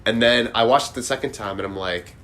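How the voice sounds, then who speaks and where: A man's voice: mid-range voice, a little fast, a bit bright. A young man hosting a casual movie podcast, rambling with many restarts. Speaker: podcast host. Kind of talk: casual chat.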